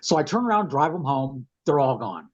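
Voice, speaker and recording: Male guest with a cold, husky, plain-spoken rambler, muffled lo-fi line. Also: mid-range voice, very animated, moderate pace. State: has a head cold. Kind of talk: casual storytelling. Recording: dull, lo-fi sound.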